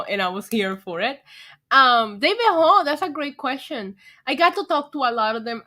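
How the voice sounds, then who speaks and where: A woman hosting a casual livestream, excitable and getting tipsy, swearing freely and laughing often. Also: on the high side. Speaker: livestream host.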